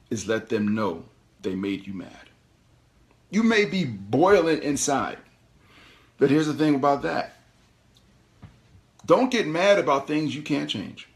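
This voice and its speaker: A middle-aged man hosting a call-in show, giving animated, preachy career advice and repeating his key phrases. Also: medium pitch. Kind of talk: motivational career talk.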